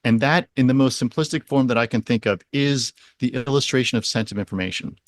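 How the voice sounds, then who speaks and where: A man's voice: medium pitch, brisk, dry recording. A man speaking as a podcast guest, explaining his field step by step with everyday examples. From San Diego area. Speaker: SEO strategist guest.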